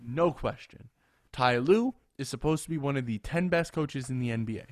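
A man co-hosting a casual sports podcast, animated and quick to laugh, often repeating himself. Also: medium pitch, dry recording. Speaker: podcast co-host.

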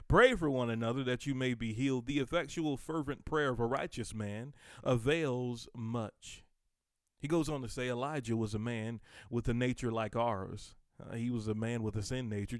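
A man delivers a podcast sermon in a mid-pitched voice, fervent and insistent, often repeating himself for emphasis. His voice swells into loud outbursts. The recording is dry and close, with no room sound. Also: dry recording. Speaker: podcast preacher.

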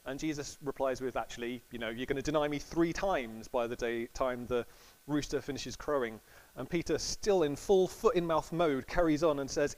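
A man's voice: medium pitch, fairly even intonation, normal speed, rough recording. A man giving a casual, chatty sermon to a congregation, acting out quotes with laughs. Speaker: preacher.

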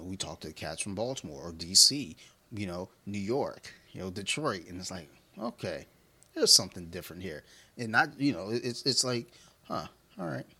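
A man's voice: fairly low pitch, sharp tone, breathy edge. A man co-hosting a podcast in casual chat, talking bluntly and swearing freely. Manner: blunt and profane. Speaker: podcast co-host.

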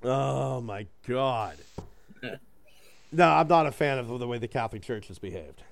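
A man's voice: medium pitch, measured pace, creaky. A man co-hosting a casual talk show, rambling and swearing as he retells a comedy bit, laughing often. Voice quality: animated storyteller, breaks into voices for quotes. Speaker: podcast co-host. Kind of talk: casual chat.

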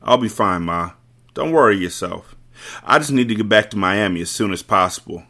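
A man reading a novel aloud, voicing a wounded crime-family head who speaks calmly and steadily. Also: fairly low pitch, normal speed. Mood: reassuring.

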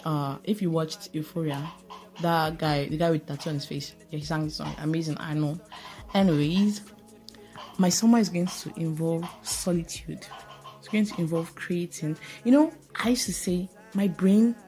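A woman's voice: lowish voice, darkish tone. A woman hosting a casual solo podcast voice note, chatty and playful with self-mocking asides. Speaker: podcast host.

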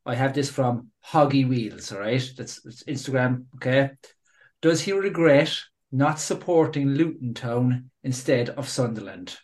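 Man, podcast host, chatty, middle pitch. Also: unhurried. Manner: relaxed, chatty, filler-heavy. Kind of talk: casual interview chat.

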